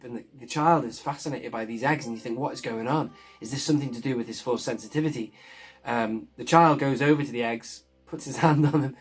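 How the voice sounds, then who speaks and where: A man gives a loose, excited recap of a show episode, chuckling as he goes. His voice sits at an ordinary middle pitch. Soft guitar music plays faintly underneath. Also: husky. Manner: enthusiastic, chuckles often while recounting. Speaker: show reviewer.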